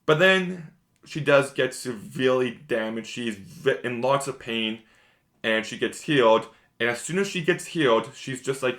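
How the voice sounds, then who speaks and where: Guy gushing about a show in a casual review, mid-pitch voice, rambles a lot. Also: animated, unhurried, a bit bright. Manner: enthusiastic, rambling, repeats himself.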